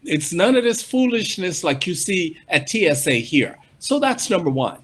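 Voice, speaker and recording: A man's voice: sits high, big pitch swings, normal speed, a bit bright, breathy edge. A man speaking as a panelist in a political discussion, emphatic and exasperated.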